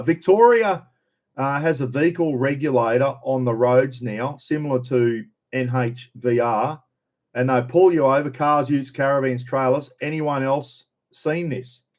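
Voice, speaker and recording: A middle-aged Australian man from Queensland hosts a livestream, his voice medium in pitch with a darkish tone. He chats casually and answers viewer comments in a rambling, jokey, blokey way.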